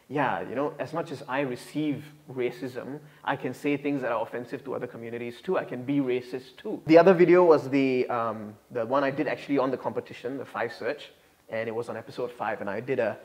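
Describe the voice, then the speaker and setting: A man's voice: mid-range voice, darkish tone. A young man from Singapore, earnestly explaining himself as an interview guest with many restarts. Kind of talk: interview answers.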